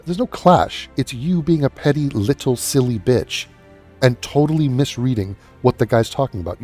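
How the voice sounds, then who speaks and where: Snarky guy ranting and cussing, warm mellow voice. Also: medium pitch. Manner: sarcastic, scornful, swears a lot. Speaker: commentary YouTuber. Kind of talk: profane reaction commentary.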